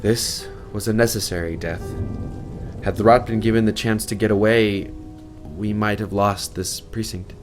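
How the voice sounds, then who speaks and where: A man voicing a cool-headed, weary woman captain who gives low, measured commands. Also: fairly even intonation, over music, natural voice. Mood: firm.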